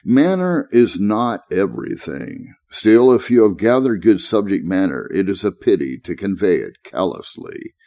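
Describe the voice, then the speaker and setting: Low, dark-voiced man reading steadily. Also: sing-song, a little slow, few pauses. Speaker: reader of a classic preaching lecture. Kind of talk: measured scripted reading.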